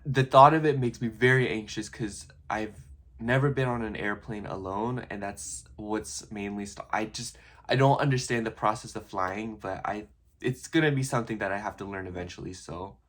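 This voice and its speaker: A man's voice: fairly low pitch, moderate pace, fairly bright tone. A young man talking in a casual personal vlog, rambling and reflective, full of "like" and restarts. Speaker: vlogger.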